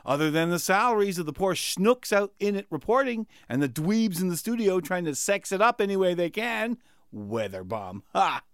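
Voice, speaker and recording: A man's voice: high voice, big pitch swings, moderate pace, clean tone, no room sound, clean studio sound. A man performing comic sketches and a satirical monologue, sarcastic and exasperated. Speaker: comedy performer.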